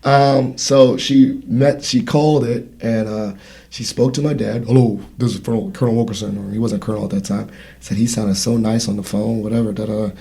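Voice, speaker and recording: A man's voice: on the low side, steady tone, normal speed, creaky, mellow, husky. A man in his thirties hosting a casual podcast conversation, telling a story in a rambling way with many fillers and restarts. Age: 30s. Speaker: podcast host.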